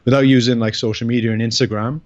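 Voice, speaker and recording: Male co-host from the UK, low, relaxed, muffled dry Skype audio. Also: fast, no echo. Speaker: podcast co-host. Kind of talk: casual podcast chat. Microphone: Skype call. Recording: dull lo-fi video call audio.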